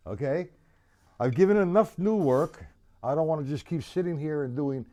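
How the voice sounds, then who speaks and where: A man's voice: medium pitch, big pitch swings, fairly quick. A man teaching a live-streamed drum lesson, chatty and loose, counting beats aloud while he plays. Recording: loud drum kit playing behind voice. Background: drum kit playing.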